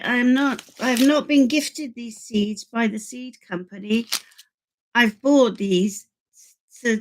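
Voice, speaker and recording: An older woman hosting a live stream, chatting excitedly with viewers and rambling with many restarts. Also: a little high, a little hiss or hum. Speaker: channel host.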